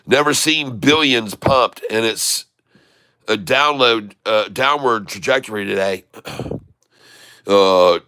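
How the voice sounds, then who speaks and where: A man's voice: mid-range voice, measured pace, sharp tone, smooth, dry recording. A middle-aged man with a Southern US accent, hosting a rambling, jokey day-trading livestream and chatting with viewers. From Florida, US. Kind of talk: casual live-stream chat.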